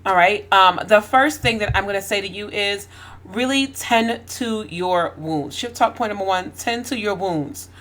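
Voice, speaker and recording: A woman's voice: medium pitch, measured pace, fairly bright tone. A woman host giving an emphatic faith-based motivational talk, full of rhetorical questions.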